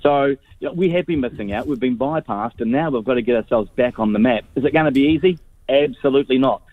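A man's voice: medium pitch, fast talker, no echo. Earnest New man on a phone line. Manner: earnest, many fillers and repeated words. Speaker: guest on phone. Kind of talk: radio interview.

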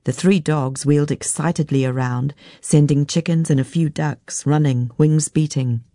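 A woman narrating a novel as an audiobook in a steady, measured way. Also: sits low, dry recording, studio quality.

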